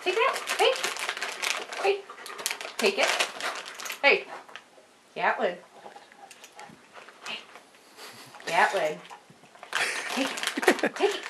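A woman's voice: on the high side, huge pitch swings, very slow, pauses often, background noise. A woman talking to her dog in a coaxing, sing-song way while filming a home video indoors. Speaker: dog owner.

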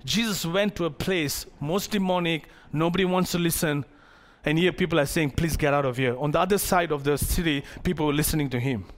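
A man preaching a sermon as pastor to his congregation, animated, acting out the characters of the story and joking with the crowd. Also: fairly high pitch, brisk, hardly any pauses. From Malaysia. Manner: playful asides to the congregation.

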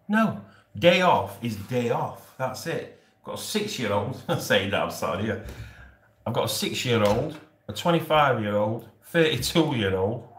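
A man in his forties with a Yorkshire accent, hosting a casual live stream and rambling jokily to his viewers with frequent laughs. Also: mid-range voice. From Yorkshire, England. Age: 40s. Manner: jokey and rambling, often laughing. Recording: roomy echo.

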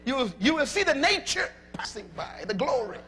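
A male preacher delivering a sermon emphatically, calling out to the congregation and shouting at peaks. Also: extremely high pitch, very animated, fairly quick, faint music behind. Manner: emphatic, calls to audience.

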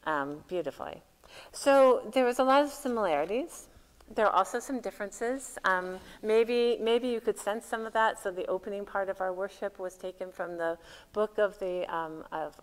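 A woman's voice: mid-range voice, long reverb tail, poor audio. A woman pastor giving a conversational, reflective sermon with frequent fillers, recorded in a church sanctuary.

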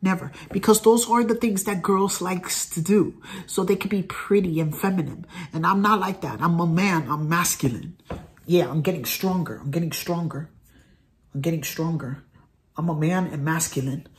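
A man's voice: on the high side, normal speed. Earnest man rambling to camera. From United States. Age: 30s. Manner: earnest, rambling, repeats phrases. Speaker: vlogger. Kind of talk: casual direct-to-camera vlog.

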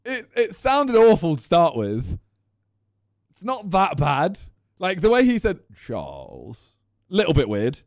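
A man streaming his reactions to a video, talking casually with animated, joking asides. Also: sits high, unhurried.

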